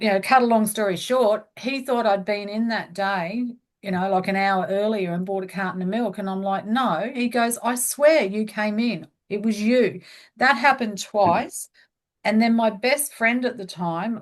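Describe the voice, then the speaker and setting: A chatty woman hosting a relaxed podcast conversation. She tells long stories at an even, mid-range pitch and slips into the voices of the people she quotes. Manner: chatty storyteller, acts out quotes. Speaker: podcast host. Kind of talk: casual conversation.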